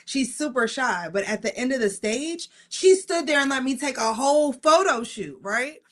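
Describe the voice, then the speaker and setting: A middle-aged woman telling a personal story in casual chat, animated and excitable. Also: sits high, normal speed.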